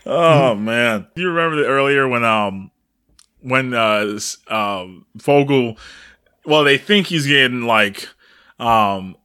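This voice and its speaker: Bright-voiced young man chatting casually. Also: medium pitch, expressive, takes it slowly, clean tone. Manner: laughing, recaps scenes, acts out quotes. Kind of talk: casual chat.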